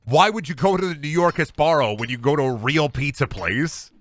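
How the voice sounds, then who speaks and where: A man's voice: fairly high pitch, moderate pace. A man streaming a game, chatting casually and ranting in a joking way with a lot of swearing. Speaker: gaming streamer. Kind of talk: casual live-stream chat.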